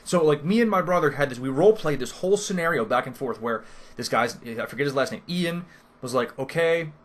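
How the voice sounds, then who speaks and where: Here the same kind of recap comes in a mid-range, animated voice moving fairly quickly. The man, running a campaign as game master for the first time, tells the story of a tabletop session casually, wandering off track, breaking into his own sentences, and using lots of fillers.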